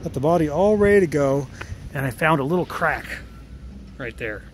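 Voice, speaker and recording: A man's voice: a little high, lively intonation, moderate pace, a little hiss or hum. A man casually walking through his workshop, rambling about his car restoration and catching his own mistakes as he goes. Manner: rambling, self-correcting, fond of the cars. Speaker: car restorer and channel host. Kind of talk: casual shop walkaround vlog. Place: home workshop and driveway.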